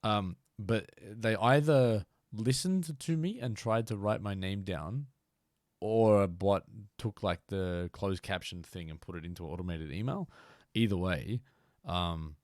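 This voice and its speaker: A man's voice: on the low side, measured pace, darkish tone, no echo, clean studio sound. Chatty male game streamer. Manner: chatty, laughs often, repeats words. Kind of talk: casual live-stream chat while gaming.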